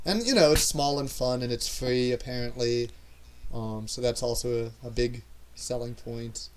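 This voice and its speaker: A man's voice: medium pitch, moderate pace, rough recording. A man chatting casually as a podcast co-host, rambling and trailing off with lots of fillers. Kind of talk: casual chat.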